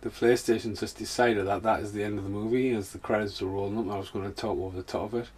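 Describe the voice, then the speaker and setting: Male podcast host, lowish voice, slurred rambling film commentary, hurting. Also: steady tone, fast talker, a little mellow, slightly rough. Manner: rambling, laughs often. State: slurred speech; injured, in pain.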